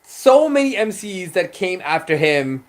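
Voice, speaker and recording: A man's voice: high-pitched, very animated, a little slow. A man, a rapper co-hosting a podcast, talking emphatically in casual chat and swearing freely.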